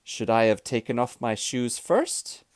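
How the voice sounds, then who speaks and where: A man's voice: medium pitch, expressive, a little slow, dry recording, clean studio sound, lightly acted. A man voicing a cheerful, literal-minded housekeeper woman in a children's storybook read-aloud, matter-of-fact and chirpy. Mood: cheery.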